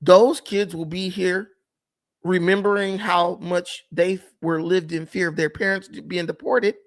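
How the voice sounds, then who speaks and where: A man's voice: sits high, steady tone, measured pace. Argumentative man talking to a livestream chat. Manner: argumentative, addresses chat directly. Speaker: livestream host. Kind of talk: casual livestream commentary.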